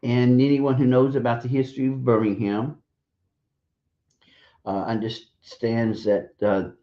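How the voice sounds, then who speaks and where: A man in a mid-range voice delivers blunt, scornful radio commentary, cursing freely and pausing often as he gathers his thoughts. The stream audio is dull and lo-fi. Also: medium pitch, flat delivery. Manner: hesitant, halting delivery with drawn-out pauses. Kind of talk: opinion commentary.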